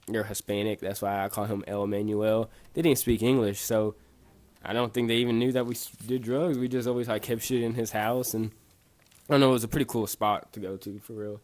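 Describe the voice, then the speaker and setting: A man's voice: on the low side, steady tone, brisk, a little mellow. A young man from Bosnia casually telling a rambling, profane story full of fillers and restarts. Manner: laid-back, rambling, profane, lots of fillers.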